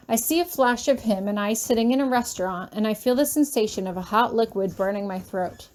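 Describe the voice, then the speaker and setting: A woman who reads fan fiction aloud, narrating a first-person story in a steady, soft-spoken way. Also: fairly high pitch, brisk, hardly any pauses.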